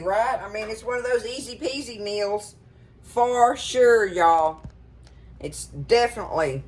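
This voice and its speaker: A middle-aged woman, chatting casually to viewers about cooking in her home kitchen. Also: medium pitch. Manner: folksy and chatty, addresses viewers as y'all. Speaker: cooking show host.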